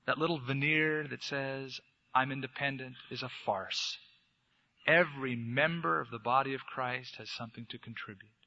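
Bright-voiced man preaching through a story. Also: mid-range voice, normal speed. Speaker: pastor. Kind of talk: sermon storytelling. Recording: dull lo-fi recording.

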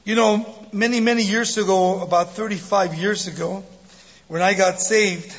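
A man in his sixties preaching as a guest speaker, telling a joke and then his life story, animated and laughing often. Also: high-pitched, normal speed. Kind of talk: sermon with jokes and testimony. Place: church sanctuary. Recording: dull recording in a big reverberant hall.

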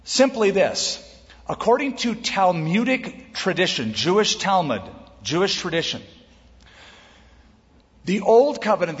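A man's voice: on the high side, in a large hall, muffled recording. A male pastor teaching a sermon, explaining scripture with questions and lists.

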